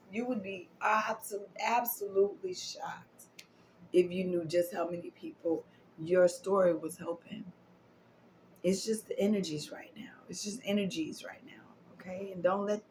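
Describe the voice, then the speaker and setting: Woman, oracle card reader, affirming, repetitive, slips into whispers, mid-pitched voice. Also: darkish tone, slight background noise, rough recording. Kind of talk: spiritual card reading to viewers.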